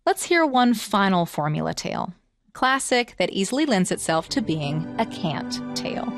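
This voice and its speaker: A woman teaching and reading children's stories aloud, expressive and asking the listeners questions. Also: medium pitch, moderate pace, music in the background. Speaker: storyteller teacher. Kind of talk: children's story reading and lesson.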